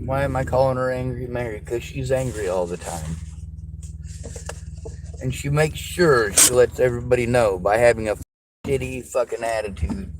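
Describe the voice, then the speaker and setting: A man's voice: mid-range voice, noisy background. A man giving a blunt, profane, heated rant as a vlogger, talking from a car while driving. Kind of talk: profane angry rant to camera.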